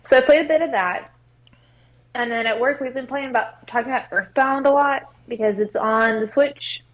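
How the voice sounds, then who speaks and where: A woman with a fairly high voice chats on a gaming podcast. She talks haltingly and fills her sentences with filler words. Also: poor audio. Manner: hesitant, constant filler words. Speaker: podcast co-host. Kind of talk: casual chat about video games.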